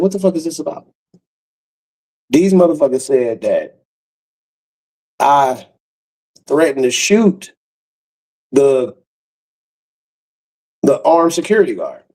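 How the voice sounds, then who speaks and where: Profane storytelling man, mellow voice. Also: mid-range voice, slightly rough, low-quality recording. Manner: profane, animated, acts out voices of others. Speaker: comedian telling a story. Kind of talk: casual storytelling monologue.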